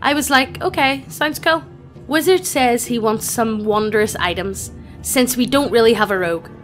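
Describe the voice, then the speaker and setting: A woman's voice: a little high, normal speed. A synthetic woman's voice reading out a tabletop gaming story as scripted narration, evenly and without fillers. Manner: even text-to-speech reading without fillers. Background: faint background music.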